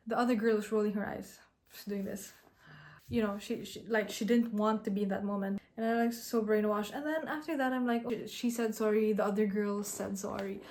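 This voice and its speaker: A woman's voice: mid-range voice, little pitch movement, fairly quick, darkish tone. A young woman, a content creator, candidly telling a personal story in a reflective vlog, with frequent restarts and "like".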